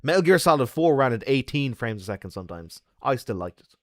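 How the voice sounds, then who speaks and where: A man streaming games and chatting with his viewers. He tells stories animatedly, with a swooping pitch, sound effects and the odd swear. The sound is dry and close. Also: sing-song, fast, no room sound. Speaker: game streamer. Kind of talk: casual chat with viewers.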